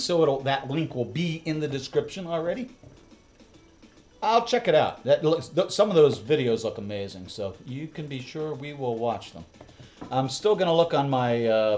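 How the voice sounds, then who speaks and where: A man's voice: mid-range voice, a little mellow. An American man chatting casually as he watches drone footage with his viewers, rambling through asides and chuckles. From United States. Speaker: channel host. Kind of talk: casual reaction commentary.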